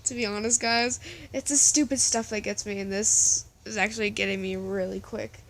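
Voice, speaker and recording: A woman's voice: mid-range voice, steady tone, normal speed. Casual woman reading a story aloud. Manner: casual, with stumbles and restarts. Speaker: story reader.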